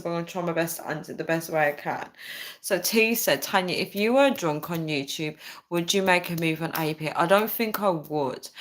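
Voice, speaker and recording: A young woman talks casually to her viewers in a slightly low voice. She tells a personal story and reads out live comments, keeps checking in with "right?" and "guys", and breaks into laughs now and then. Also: fairly bright tone. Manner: chatty, frequent "right?" and "guys", laughs often. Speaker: vlogger reading live chat.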